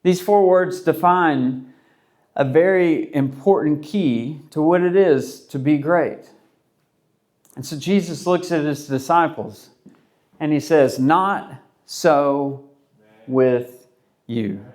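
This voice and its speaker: This is a pastor delivering a sermon, a man with a somewhat high voice. He speaks casually and conversationally, slipping into the voices of the people he quotes as he tells the story. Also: slow pace, a little mellow.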